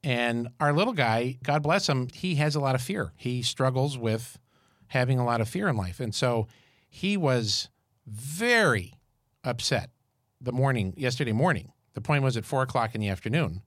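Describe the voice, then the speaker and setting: A man in his fifties, co-hosting a podcast, who tells stories in an animated, joking way. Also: medium pitch, moderate pace, no echo, studio quality. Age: 50s. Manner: storytelling, animated and jokey. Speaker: podcast co-host. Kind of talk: casual chat.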